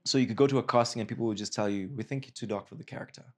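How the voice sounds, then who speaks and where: A man from Zimbabwe, an actor, telling stories from his career in a casual interview, lively and often laughing. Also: mid-range voice, very fast. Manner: animated, bursts into a put-on Nigerian accent and laughter. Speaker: actor guest.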